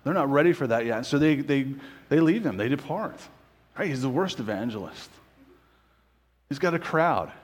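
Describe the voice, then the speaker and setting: A man preaching a conversational sermon as pastor, often checking in with rhetorical questions and slowing down to quote scripture. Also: medium pitch, lively intonation, husky. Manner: quotes scripture slowly and deliberately.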